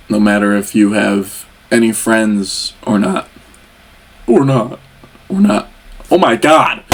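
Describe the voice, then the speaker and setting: Rambling young man reacting to music. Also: mid-range voice. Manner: rambling, chatty, addresses the artist as brother. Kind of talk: casual chat.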